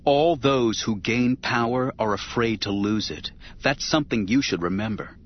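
A man voicing a troubled young male Jedi knight, speaking in a soft, strained, halting way. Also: medium pitch, dull audio, a little hiss or hum, close to an everyday voice. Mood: bitter.

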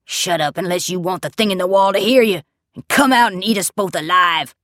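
Woman reading as a scary unhinged dad in an audiobook, creepy slow murmurs then bellowing rage, dry close sound. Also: deep voice, animated, a bit bright, no room sound, exaggerated voice. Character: menacing, unhinged father, a grown man.

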